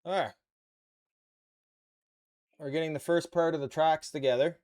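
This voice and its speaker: On a live stream, a Canadian man puts together a model kit and keeps up relaxed, playful chatter with his viewers. His Canadian-accented voice sits on the high side, steady and unhurried, with a darkish tone.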